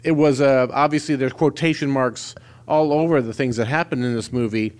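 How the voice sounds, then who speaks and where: A man's voice: mid-range voice, fairly quick. A man telling a behind-the-scenes story in a casual interview, acting out the voices of the people he quotes. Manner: animated, acts out quoted voices. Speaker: film crew member recounting an anecdote.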